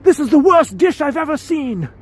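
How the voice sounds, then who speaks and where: A man putting on the voice of an angry British chef who shouts insults at cooks. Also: extremely high pitch, big pitch swings, normal speed, pitched above the performer's own voice. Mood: yelling, scornful. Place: outdoors on a city street.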